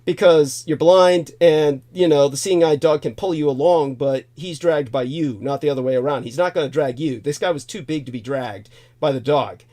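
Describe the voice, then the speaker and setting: Man, host, rambling storytelling, digressive, repeats himself, chuckles, slightly high voice. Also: normal speed, hardly any pauses, warm tone.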